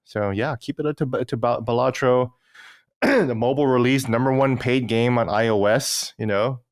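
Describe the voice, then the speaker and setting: A man's voice: medium pitch, moderate pace, clean tone, no room sound, clean studio sound. A man co-hosting a gaming podcast, chatting casually and often repeating and restarting words. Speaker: podcast co-host. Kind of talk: casual chat.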